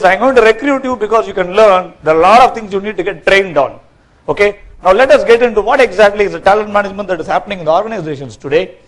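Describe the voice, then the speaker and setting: A man gives a corporate training talk from a workshop stage, lively and quizzing his audience. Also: sits high, low-quality recording. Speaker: workshop speaker.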